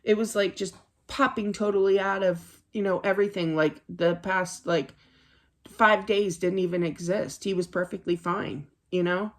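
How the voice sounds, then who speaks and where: A woman reads cards and passes on messages from spirit in a loose, chatty way, talking to camera from her desk at home. Her voice sits at an ordinary middle pitch for a woman. She rambles, trails off and restarts her sentences with plenty of ums and uhs. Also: moderate pace. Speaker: psychic card reader. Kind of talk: casual spiritual reading to camera.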